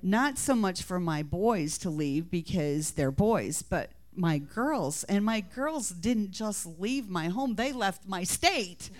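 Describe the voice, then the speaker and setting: A middle-aged woman, guesting as the host's mother, tells tender family stories in a church talk, laughing and almost crying. She speaks slowly and expressively, with hardly any pauses, in a medium-pitched voice with a darkish tone.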